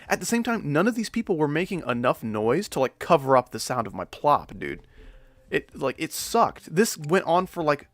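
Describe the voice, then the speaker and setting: A man's voice: a little high, fairly bright tone, no room sound. A young man chatting casually on a livestream, rambling and joking, reading chat messages and often saying "dude" and "like". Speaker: streamer.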